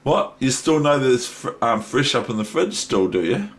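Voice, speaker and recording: An older chess teacher with a New Zealand accent chats casually on his vlog, rambling to his toys with many ums. He speaks at normal speed in a medium-pitched, sing-song voice, and the recording is rough.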